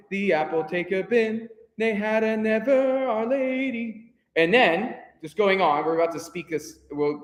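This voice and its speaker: A man runs a choir rehearsal, counting in the singers and coaching their diction in an upbeat, encouraging way. His voice sits high and bright. The sound bounces around a reverberant hall, with faint piano behind him. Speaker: choir director. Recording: echoey hall with long reverb.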